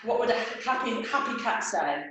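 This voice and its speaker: A woman's voice: fairly high pitch, lively intonation, moderate pace, pushed and bright. A woman leading a live children's yoga class, giving playful, encouraging step-by-step cues. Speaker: kids yoga teacher. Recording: very echoey room.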